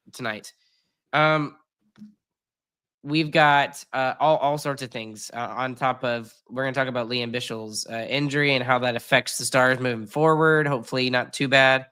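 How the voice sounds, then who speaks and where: A man's voice: medium pitch, bright, forceful tone, clear, resonant tone. A man hosting a casual sports podcast while sick and congested, rambling with lots of fillers and self-deprecating jokes. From United States. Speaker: podcast host.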